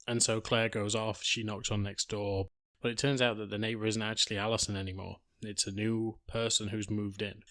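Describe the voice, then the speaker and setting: A man's voice: lowish voice, flat delivery, normal speed, fairly bright tone, no room sound, studio quality. A man hosting a podcast, casually retelling TV episodes in blunt, plain language. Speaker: podcast host. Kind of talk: TV recap podcast.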